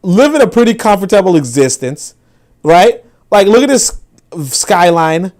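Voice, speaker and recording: A man hosting a casual podcast, talking in a profane, dismissive and animated way. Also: high voice, unhurried. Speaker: podcast host. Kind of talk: casual commentary.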